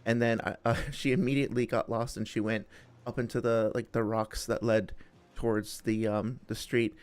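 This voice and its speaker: A man's voice: medium pitch, level tone, moderate pace, clean tone. A young man hosting a live stream, chatting casually with viewers in a friendly, rambling way, full of fillers and restarts. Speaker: streamer host.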